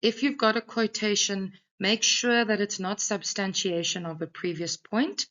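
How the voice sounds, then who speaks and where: A woman's voice: medium pitch, fairly even intonation, a little slow, a bit bright, muffled recording. A woman English teacher giving an exam revision lesson, talking a class through a text and often checking in with "okay".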